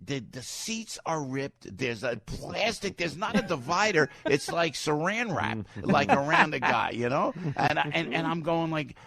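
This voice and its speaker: A man hosting a radio show, telling a story with excitable, stammering restarts and acting out the other people in it. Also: fairly high pitch, a little slow, creaky, few pauses, crowd noise. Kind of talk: animated storytelling chat.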